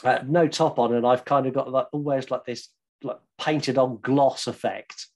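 A man's voice: mid-range voice, fairly even intonation, normal speed, a little mellow. Rambling, joking Englishman. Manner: rambling, swearing, jokey storyteller. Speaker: podcast co-host. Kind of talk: casual chat.

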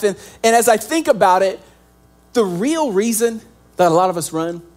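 A young man preaching a sermon as pastor, animated and joking, acting out little scenes as he goes. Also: extremely high pitch.

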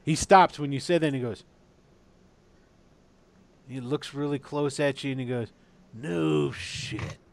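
A man narrating as game master and voicing the townsfolk, laughing often and dropping into low asides. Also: fairly even intonation, moderate pace, long pauses. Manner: laughs often, drops to a mumble when describing.

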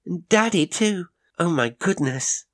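Sleepy but eager little girl, high excited voice, done by a male narrator. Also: measured pace, exaggerated voice. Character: young girl, just woken, eager and affectionate.

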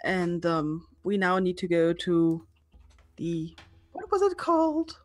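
A woman's voice: fairly low pitch, big pitch swings, takes it slowly. A woman playing a tabletop game, speaking casually and hesitantly as she searches for words. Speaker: player.

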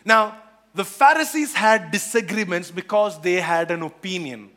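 Guy preaching a sermon, high voice, animated, keeps repeating phrases. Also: moderate pace. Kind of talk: sermon on scripture.

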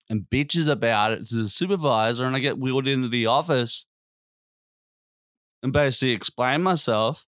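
A man's voice: medium pitch, normal speed, long pauses, fairly bright tone, no echo, studio quality. A man hosting a podcast, ranting in a casual, blunt and constantly profane way. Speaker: podcast host.

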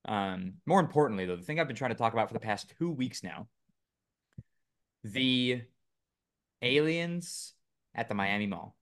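A man's voice: medium pitch, expressive, normal speed, long pauses, fairly bright tone. A man co-hosting a casual podcast, reading news items aloud with lots of fillers and joking asides. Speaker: podcast co-host. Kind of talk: casual chat.

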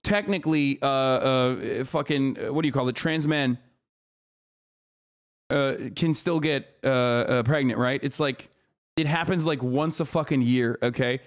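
A man's voice: medium pitch, unhurried. A man streaming a reaction, ranting in an exasperated way, full of swearing, fillers and restarts. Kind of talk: profane reaction rant.

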